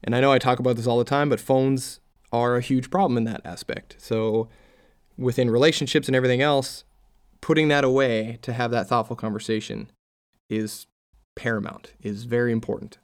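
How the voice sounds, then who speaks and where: Casual stay-at-home dad podcast host. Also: male voice, medium pitch, steady tone, fairly quick, clear, resonant tone. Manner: conversational, reads out posts then comments. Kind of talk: casual solo podcast chat.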